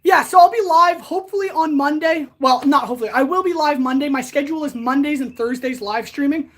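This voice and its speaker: A woman's voice: sits high, fairly quick. A woman hosting a casual livestream, winded as she talks between sword swings and answers viewers. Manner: chatty, answers viewers directly. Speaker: blacksmith livestream host.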